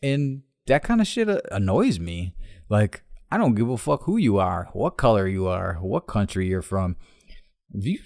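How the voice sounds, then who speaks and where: With a mid-range, somewhat mellow voice, a thirty-something podcast host rushes through a story full of profanity and laughter. It's a studio recording without any room sound.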